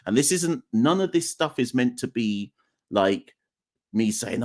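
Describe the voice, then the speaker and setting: Host: man, mid pitch, emphatic, repeats himself, talks to viewers. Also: animated, moderate pace. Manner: emphatic, repeats points, addresses chat directly. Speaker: podcast host. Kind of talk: live-streamed call-in commentary.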